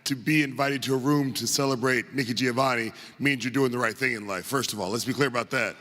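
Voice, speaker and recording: A man's voice: mid-range voice, fairly even intonation, fast, pushed and bright, slight background noise. A man from the northern United States giving a humorous, self-deprecating speech at a tribute event, full of chatty asides. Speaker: guest speaker at a tribute event. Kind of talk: humorous anecdotal speech to a live audience. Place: large arts center auditorium. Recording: live hall reverb.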